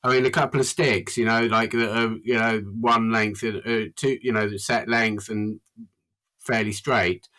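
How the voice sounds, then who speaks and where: A man talking as a podcast guest in a garden, halting and full of fillers with bursts of emphasis. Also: lowish voice, flat delivery, pushed and bright. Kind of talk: casual chat. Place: garden outdoors.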